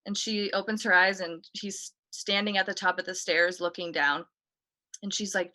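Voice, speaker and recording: A woman's voice: medium pitch, steady tone, normal speed, pushed and bright. A woman, a guest on a talk show, casually recounting a story in a chatty way, full of "like" and "you know". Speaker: guest telling a ghost story.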